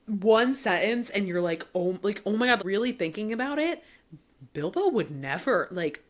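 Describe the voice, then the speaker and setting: A woman's voice: mid-range voice, lively intonation, normal speed. A young woman hosting a book podcast, talking casually and emotionally about a novel, with fillers, sighs and quotes read aloud.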